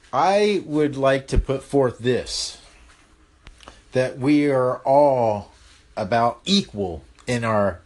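A man's voice: medium pitch, no echo. A man hosting a call-in radio show, rambling and chuckling wryly as he talks. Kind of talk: casual call-in talk.

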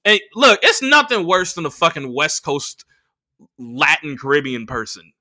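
A young man hosting a podcast, talking in a high, swooping, very bright voice. He tells a rambling dating story and curses freely. He acts out each person's lines in the story. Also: measured pace. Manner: profane, animated, acts out quoted voices. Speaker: podcast host. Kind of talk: casual storytelling monologue.

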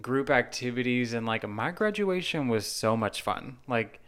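A man's voice: medium pitch, animated, a bit bright, clear, resonant tone. A man from Tennessee with a Southern accent, chatting and teasing as a podcast co-host. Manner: chatty, teasing, quick to laugh. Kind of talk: casual podcast chat.

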